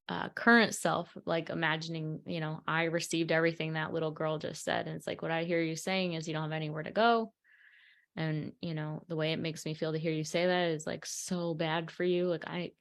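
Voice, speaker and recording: A young woman with a low voice talks through a personal story on her podcast. She is earnest and openly emotional, and her speech is full of likes and you-knows. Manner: earnest, filler-heavy, emotional. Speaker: podcast host.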